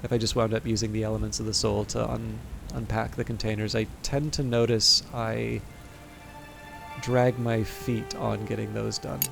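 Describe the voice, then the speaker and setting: Man, creaky voice, tired, thinking aloud over a game, game music behind. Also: lowish voice, flat delivery, normal speed. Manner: thinking aloud, hesitant restarts, soft chuckles. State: tired from recording late at night. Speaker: gameplay commentator. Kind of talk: relaxed let's-play commentary, reading game text aloud.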